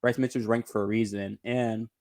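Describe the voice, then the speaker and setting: A man's voice: flat delivery, normal speed, a little mellow. A man hosting his own sports channel, talking through fight news in a rambling, self-correcting way and swearing casually. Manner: rambling, self-correcting, bursts into high giggling laughter. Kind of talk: casual reaction commentary.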